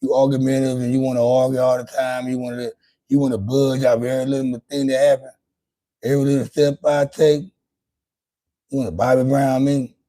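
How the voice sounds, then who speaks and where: A man's voice: medium pitch, flat delivery, brisk, dark tone. A man hosting his own livestream, talking loosely and profanely to his chat, rambling with lots of restarts. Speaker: livestream host. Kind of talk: casual livestream monologue.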